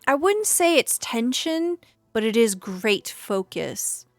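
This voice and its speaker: A woman running a tabletop game as game master, narrating quickly with casual fillers. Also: on the high side, very animated, no room sound, soft background music.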